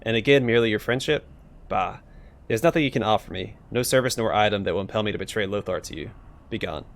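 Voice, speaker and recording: A man's voice: quick pace, vocal fry. A man reading a sneering wizard skull. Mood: scornful. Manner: deep, jocular, scornful. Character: sneering talking skull of a male wizard-assassin.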